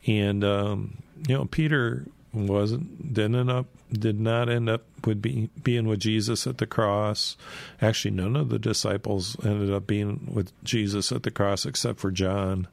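A man with a gravelly voice casually retelling a Bible story, rambling and chuckling as he goes. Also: lowish voice, fairly even intonation, unhurried, dry recording.

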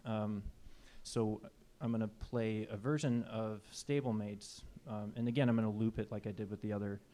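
Male jazz player, stage banter, low flat voice, easygoing and rambling. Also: moderate pace. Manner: relaxed, rambling with fillers. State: slightly out of breath. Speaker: jazz musician. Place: music venue stage.

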